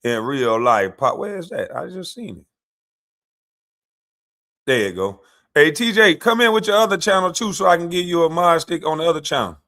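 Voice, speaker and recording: Guy ranting on his stream, pretty high voice that jumps all over, mocking and arguing with a clip. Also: animated, normal speed, pauses often, pushed and bright. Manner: combative, mocking, talks back to clips. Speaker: livestream commentator. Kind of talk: heated political commentary livestream.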